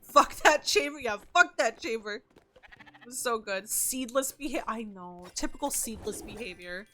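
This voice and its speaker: A young adult woman streaming a game, excitable, swearing freely and chatting with viewers. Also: a little high, measured pace. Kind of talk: casual gaming livestream.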